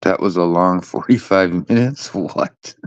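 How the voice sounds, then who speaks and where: A man hosting a casual livestream, rambling and swearing, teasing his chat in a lazy sing-song. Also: sits low. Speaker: livestream host. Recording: dull lo-fi stream audio.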